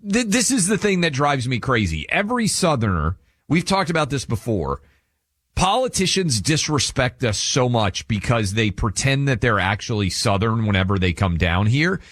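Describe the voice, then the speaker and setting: A man from Tennessee, USA, co-hosts a radio talk show in casual banter, emphatic and opinionated, often repeating phrases. His medium-pitched, fairly bright voice swings widely in pitch at a moderate pace, recorded on a studio microphone with clean sound and no room sound.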